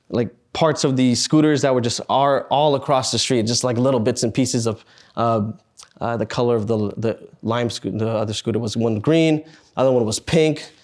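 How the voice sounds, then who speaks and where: With a darkish tone at a normal middle pitch, a young man in his twenties speaks at a student fellows meetup about a personal experience. Heavy sighs and pauses break up his earnest, halting delivery.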